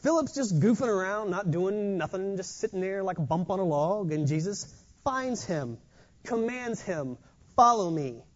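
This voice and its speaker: Preacher mid-sermon, animated, stumbling repeats, muffled lo-fi sound. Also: medium pitch, moderate pace. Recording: dull lo-fi recording.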